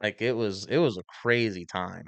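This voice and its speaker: A man's voice: on the low side, moderate pace, vocal fry, a bit bright, no room sound. A man co-hosting a podcast in casual chat, laid-back, swearing and laughing often. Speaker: podcast co-host.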